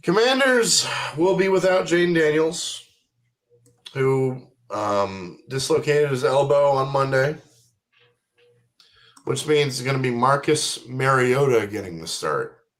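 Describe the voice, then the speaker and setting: A man hosts a casual football picks show at an unhurried pace. He steps through each game's odds, referee and ticket prices. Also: mid-range voice, animated, fairly bright tone. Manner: unhurried, runs the segments by asking for referee, announcers and ticket prices. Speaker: podcast host. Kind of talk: casual sports pick'em show.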